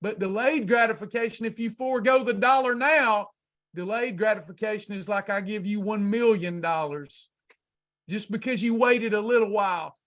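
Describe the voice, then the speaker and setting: A man's voice: high-pitched, moderate pace, fairly bright tone. A man coaching a class on weight loss in an emphatic, preacher-like motivational speech full of rhetorical questions.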